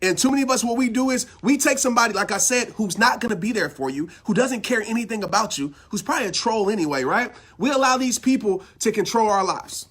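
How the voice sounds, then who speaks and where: Fired-up high-voiced male motivational speaker. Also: animated, fast talker, few pauses, fairly bright tone, slightly rough. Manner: fired-up, preachy, repeats phrases for emphasis. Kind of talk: impassioned motivational talk.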